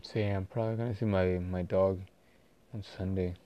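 A man talking casually in a personal vlog, rambling and halting with many fillers and restarts. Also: deep voice, steady tone, highs cut off. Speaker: vlogger.

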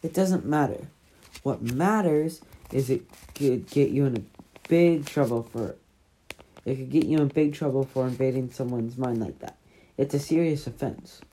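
A stern teenage boy in a storybook, voiced by a woman reading aloud, laying down the rules in a firm, scolding way. The voice is very low, dark and husky. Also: unhurried, full character voice, poor audio. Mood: serious.

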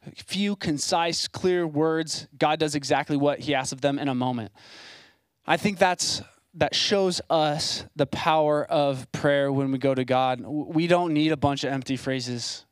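A man's voice: fairly high pitch, normal speed, no room sound. A young man preaching a sermon as a site pastor, in a casual, conversational way with plain asides.

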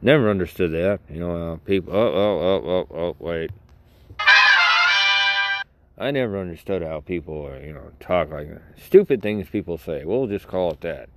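A man's voice: sits low, normal speed, few pauses, darkish tone, soft background music. A middle-aged man hosting a solo podcast, rambling in a crude, sarcastic way and laughing at his own jokes. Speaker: podcast host.

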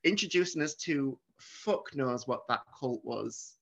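A man's voice: mid-range voice, lively intonation, unhurried, vocal fry. A man co-hosting a podcast, casually reviewing a film. He talks animatedly, swears freely and acts out his own reactions. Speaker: podcast co-host.

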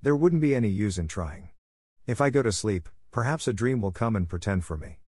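A man voicing a grave, gentle little girl who speaks softly and sadly. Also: lowish voice, expressive, fairly quick, slightly rough, no room sound, studio quality. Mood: wistful. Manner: soft, subdued.

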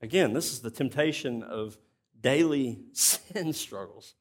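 A man's voice: mid-range voice, expressive, unhurried. A man preaching a sermon as pastor, plainspoken and conversational, often restarting his sentences.

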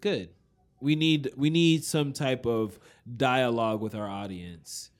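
A man's voice: mid-range voice, takes it slowly. A man co-hosting a music podcast in loose, profane, joking casual chat. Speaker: podcast co-host.

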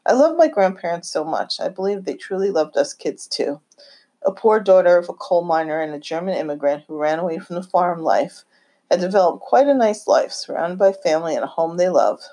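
A woman reading her family memoir aloud, reminiscing in a gentle, unhurried way. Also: on the low side, animated. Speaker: narrator.

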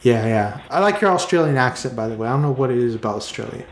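A man's voice: mid-range voice, expressive, fast talker, a little hiss or hum. Rambling American man in echoey room. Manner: rambling, heavy use of "like" fillers. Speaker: host. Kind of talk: casual chat.

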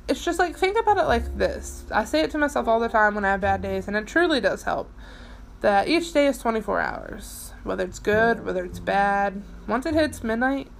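A woman's voice: mid-range voice, gravelly, a little hiss or hum, rough recording. Rambling woman in a late-night podcast monologue. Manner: rambling, emotional, lots of fillers and restarts; swears casually. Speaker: podcast host.

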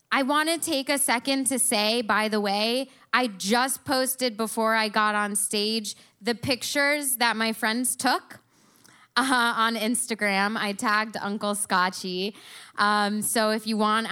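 A young woman telling a story on stage to a live audience, animated and swearing freely as she acts out what was said. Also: a little high, clear, resonant tone.

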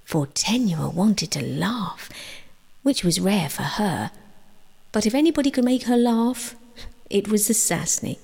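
A woman reading her own sleep story aloud, gentle and slow, often dropping into a whisper. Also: mid-range voice, expressive, gravelly, husky. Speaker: storyteller and author.

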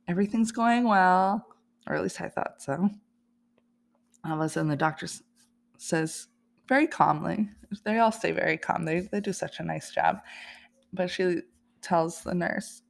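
A woman's voice: lowish voice, takes it slowly, vocal fry, pauses often. A woman hosting a podcast, telling a personal story in a chatty, casual way and laughing often. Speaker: podcast host.

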